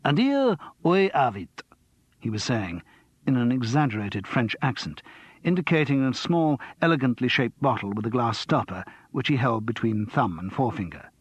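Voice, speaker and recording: A man narrating an audiobook in an expressive, lively storytelling manner. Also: mid-range voice, normal speed, breathy edge, dry recording, muffled recording. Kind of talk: scripted narration.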